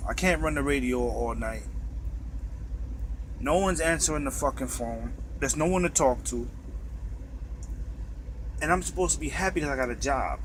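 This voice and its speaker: A man's voice: medium pitch, normal speed, pauses often, a little hiss or hum. Bitter New York man ranting. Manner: profane, bitter, agitated. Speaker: truck driver. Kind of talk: angry ranting monologue. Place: inside a truck cab.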